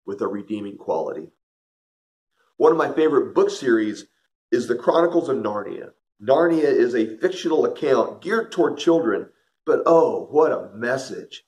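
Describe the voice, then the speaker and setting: A man's voice: mid-range voice, darkish tone. A middle-aged man giving an earnest devotional talk, telling stories and speaking straight to his listeners. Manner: earnest, storytelling, addresses listeners directly.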